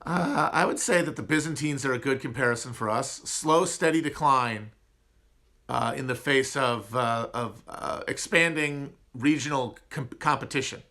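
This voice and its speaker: A man's voice: medium pitch, normal speed, pushed and bright. A man with a nasal upper Midwest American accent, hosting a casual livestream chat and rambling through audience questions in a self-mocking way. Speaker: podcast host answering chat.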